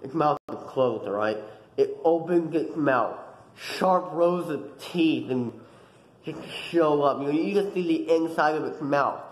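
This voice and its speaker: A young man recounts a dream to his camera, his voice a little high and full of excitement. He tells it in a dramatic, casual way with plenty of fillers. The sound carries an echo from the room. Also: unhurried. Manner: animated, dramatic retelling with many fillers. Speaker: vlogger.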